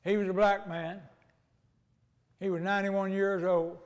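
Folksy older preacher, high voice. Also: male voice, level tone, measured pace, smooth, in a large hall. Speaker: pastor. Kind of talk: sermon.

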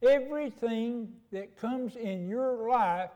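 Folksy older preacher, high voice. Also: male voice, takes it slowly, darkish tone, big-room sound. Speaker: pastor. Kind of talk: sermon.

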